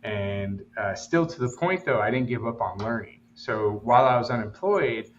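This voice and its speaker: A man's voice: medium pitch, animated, normal speed, echoey room, slight background noise. Man, podcast co-host, casual storytelling, lots of ums, slightly dull sound. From Los Angeles. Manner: rambling, many fillers, acts out quotes.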